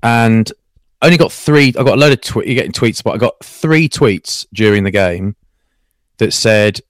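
Male co-host, low-pitched, teasing banter, close dry mic. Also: moderate pace, no room sound. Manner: teasing, chatty, animated storyteller. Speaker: co-host, rugby commentator. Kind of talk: casual podcast banter.

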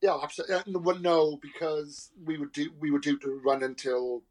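A man, a guest actor telling lively anecdotes, laughing often and acting out voices. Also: on the high side, fairly quick, poor audio. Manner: animated storyteller, laughs often, acts out voices. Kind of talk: anecdotal chat.

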